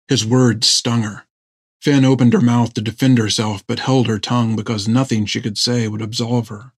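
A man narrating a story in a measured storytelling manner. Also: mid-range voice, steady tone, husky, no echo, clean studio sound. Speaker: audiobook narrator. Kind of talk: scripted narration.

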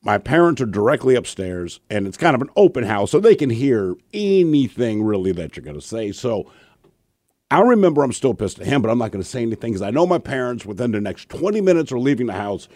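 A middle-aged man hosting a radio show, telling personal stories in a casual, animated way and laughing along. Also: mid-range voice, brisk, no echo. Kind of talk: casual on-air storytelling.

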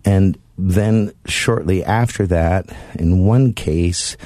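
Male radio host, very low mellow voice, emphatic chatty delivery. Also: takes it slowly, no echo, studio quality. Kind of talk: casual talk radio.

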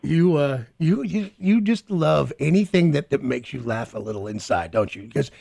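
A man's voice: fairly high pitch, lively intonation, moderate pace, vocal fry, warm tone. A man hosting a casual chat, earnest and stammering through restarts, from the American Midwest. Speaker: host.

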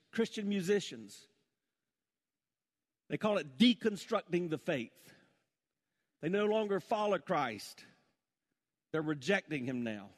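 Man, pastor; high voice, lively sermon with jokes and questions, long church-hall reverb. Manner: animated preaching with rhetorical questions and humor; drops into a soft, low voice in prayer.

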